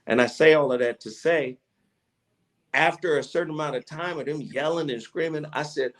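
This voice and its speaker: A man from Tennessee, a radio personality, telling a story in a casual interview, animated, slangy and profane, acting out what people said. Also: a little high, normal speed. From Chattanooga, Tennessee, USA. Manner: animated storyteller who acts out quoted dialogue, with slangy profanity. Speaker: radio personality and podcast guest.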